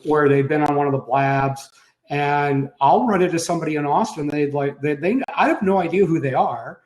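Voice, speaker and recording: Man, webinar co-host, easygoing, slightly high voice, roomy echo. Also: normal speed, a little mellow. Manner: easygoing, with small restarts and chuckles. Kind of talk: casual webinar talk.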